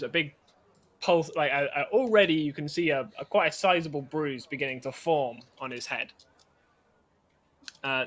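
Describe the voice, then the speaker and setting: A man's voice: on the high side, pushed and bright. A man narrating as game master for a tabletop game, rambling with many fillers.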